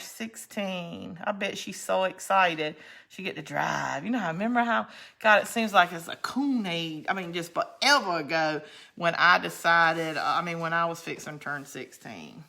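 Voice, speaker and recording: A middle-aged woman with a fairly low, vocal-fry voice hosts a crafting video at a moderate pace. Her casual chat rambles, breaks into frequent laughter, and occasionally sinks to a murmured count.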